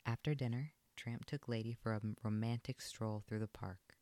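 A man narrating a children's storybook aloud in an expressive, lilting read. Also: on the low side, normal speed, few pauses, no echo.

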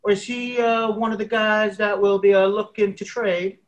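A man's voice: high-pitched, little pitch movement, normal speed, muffled recording, lightly acted. A man reading the part of a female reporter in a casual script read, hesitant and full of fillers. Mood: earnest. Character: female reporter asking a question.

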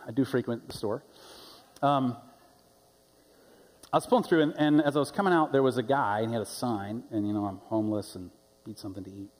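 Husky-voiced pastor preaching a sermon. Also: male voice, mid-range voice, a little fast, long pauses. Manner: conversational storytelling, rising to emphatic preaching. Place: church sanctuary. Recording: long church-hall reverb.

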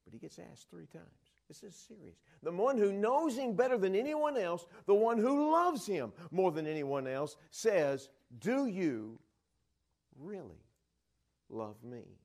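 A man's voice: high-pitched, big pitch swings, moderate pace, gravelly, hardly any pauses, a little mellow. A middle-aged man from the Dallas area preaching a sermon, retelling Bible scenes and acting out the voices of the disciples. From Dallas area, Texas.

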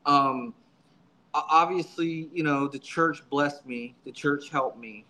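A man's voice: a little high, takes it slowly, sharp tone, poor audio. A man guest in an interview, a subdeacon telling his story in a casual, earnest way, often repeating words as he restarts his sentences.

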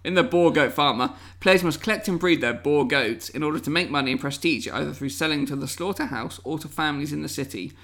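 A man's voice: on the high side, quick pace, few pauses, sharp tone. A man co-hosting a casual chat, playfully reading out game descriptions and laughing often. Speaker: podcast co-host presenting a guessing game.

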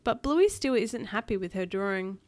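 A woman's voice: medium pitch, expressive, moderate pace, a little mellow. A woman reading a picture book aloud to her child, adding chatty asides.

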